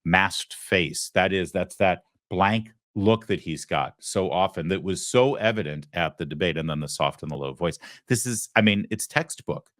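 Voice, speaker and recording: A man's voice: low-pitched, moderate pace, few pauses, a bit bright, no echo, studio quality. Emphatic male talk show host. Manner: emphatic, acts out quotes, rhetorical questions. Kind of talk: opinionated talk show commentary.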